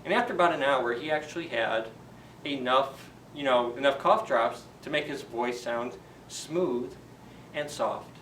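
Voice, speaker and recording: Man, children's storyteller, chatty and animated, bright voice, roomy echo, away from the mic. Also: medium pitch, unhurried, distant mic, a little hiss or hum. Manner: chatty, animated, asks the kids questions. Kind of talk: children's story time retelling.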